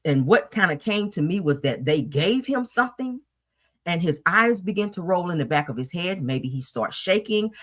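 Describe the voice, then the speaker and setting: A husky-voiced woman hosts a fiery commentary program, letting loose with forceful, swear-laden outbursts. Her tone stays bright and sharp while her pitch jumps all over the place.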